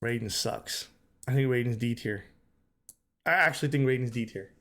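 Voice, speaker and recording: A man's voice: mid-range voice, normal speed, fairly bright tone. A man streaming live, giving casual, emphatic commentary and repeating his points, often calling the chat "bro".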